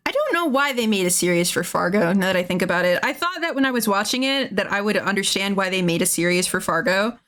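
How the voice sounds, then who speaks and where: A woman's voice: mid-range voice, expressive, moderate pace, pauses often, a bit bright. A woman streaming casually, rambling and laughing often as she draws and chats. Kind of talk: casual chat while drawing.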